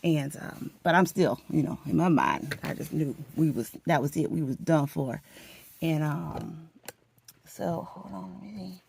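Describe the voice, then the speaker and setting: A woman vlogger chatting casually as she gets ready for work at home, telling a story in an animated, dramatic way with laughs. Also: deep voice, a little slow, vocal fry, slight background noise.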